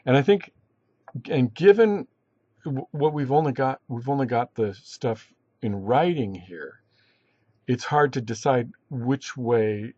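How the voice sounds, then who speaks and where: A man teaching a recorded lesson, halting and restarting often, in a dry, slightly dull recording. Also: mid-range voice, mellow, slightly rough, no room sound. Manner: halting, many restarts and fillers. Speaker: instructor. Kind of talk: recorded online lecture.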